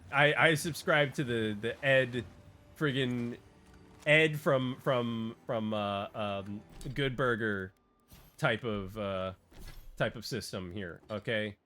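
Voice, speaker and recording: A man's voice: on the low side, sharp tone. A man chatting casually on a gaming stream, rambling and joking with lots of fillers and restarts.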